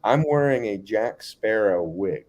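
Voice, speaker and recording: A man spins a story as an interview guest, his pitch swinging widely up and down. He talks in a casual, animated way and slips into voices for the people in his tale. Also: measured pace. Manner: animated, acts out other people's lines. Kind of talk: casual anecdote telling.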